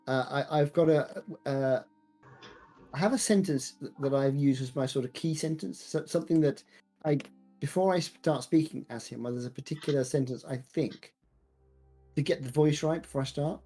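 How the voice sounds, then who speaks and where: A man's voice: fairly high pitch, normal speed, mellow, faint music behind. A man casually chatting as a podcast co-host, thoughtful and rambling with frequent restarts. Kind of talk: casual chat.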